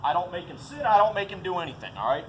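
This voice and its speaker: A man demonstrating dog training outdoors, explaining drills and giving short commands and praise to his dog. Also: fast talker. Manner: instructive, breaks into high excited praise for the dog. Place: outdoors in a field. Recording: noisy outdoor recording.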